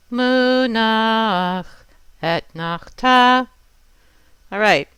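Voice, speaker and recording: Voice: medium pitch, a bit bright, clear, resonant tone, no room sound. A patient teacher explaining Torah cantillation step by step and chanting each example aloud. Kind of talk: step-by-step lesson with sung examples.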